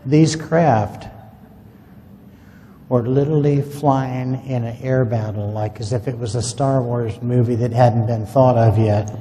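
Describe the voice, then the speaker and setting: A man with a dark, mellow voice spins a rambling, folksy anecdote for a small group. His voice carries a long echo, as if the room is large, with a faint hiss underneath. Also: medium pitch, fairly even intonation, unhurried. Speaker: UFO witness telling his story. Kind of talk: casual spoken storytelling to a group.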